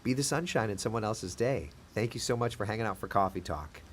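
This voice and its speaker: A man's voice: lowish voice, fairly quick, slight background noise. A man hosting a casual live chat as a TV meteorologist, playful and chatty as he answers viewers' comments.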